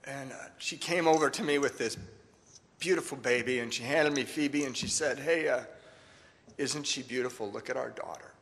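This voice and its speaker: A middle-aged man shares his story with an audience in a candid, self-mocking way, pausing on fillers as he searches for words. His voice is bright and forward, and a long reverb from the hall trails after each phrase. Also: mid-range voice, vocal fry. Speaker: speaker sharing his recovery story. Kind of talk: personal testimony to a live audience.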